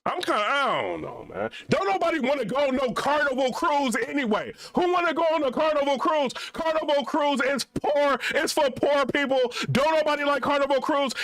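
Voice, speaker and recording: A man's voice: extremely high pitch, animated, normal speed, hardly any pauses, a bit bright. A young man vlogging in a casual, rambling rant full of slang.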